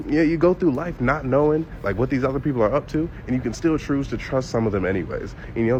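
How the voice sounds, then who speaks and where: A man's voice: medium pitch, a little mellow, reverberant, highs cut off, slight background noise. A young man talking in a blunt, slangy, matter-of-fact way. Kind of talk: casual monologue on dating tactics.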